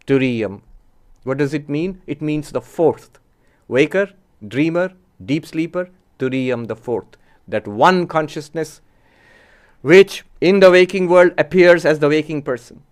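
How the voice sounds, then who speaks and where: In a fairly high-pitched voice, a man teaches Vedanta through a spiritual discourse, explaining things in a measured way and often asking rhetorical questions.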